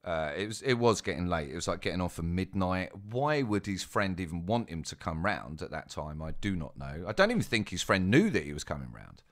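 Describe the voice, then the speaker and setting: A young man tells a casual story in a very deep, low voice. He is chatty and self-mocking, often turning to his listeners with asides. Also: sing-song, fairly quick, few pauses. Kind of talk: casual spoken anecdote.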